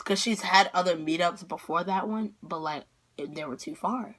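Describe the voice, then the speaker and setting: A female vlogger telling a dramatic story-time tale with excitable energy, packed with fillers and sudden outbursts. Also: lowish voice, moderate pace.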